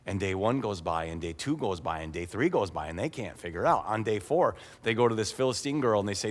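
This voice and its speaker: A man's voice: fairly low pitch, expressive, fast talker, hardly any pauses. A man preaching a sermon as pastor, retelling a story in a humorous, conversational way. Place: church sanctuary. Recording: echoey church hall.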